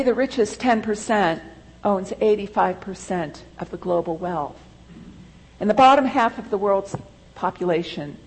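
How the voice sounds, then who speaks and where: A woman pastor delivering a sermon in a church, slow and deliberate, with emphatic rises. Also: medium pitch, a little mellow, slightly rough, low-quality recording.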